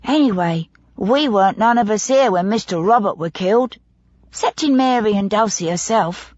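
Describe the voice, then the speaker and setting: A woman's voice: medium pitch, animated, moderate pace, a little mellow, no echo, highs cut off, voice pushed up, close to an everyday voice. A woman voicing an eager, gossipy young housemaid who talks in broad working-class dialect. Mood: earnest.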